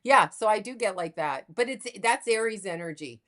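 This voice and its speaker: A woman astrologer and psychic guest talking casually on a podcast. Her delivery is blunt and matter-of-fact, with easy swearing, at an average pitch for a woman. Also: animated, normal speed, a bit bright. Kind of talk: casual interview chat.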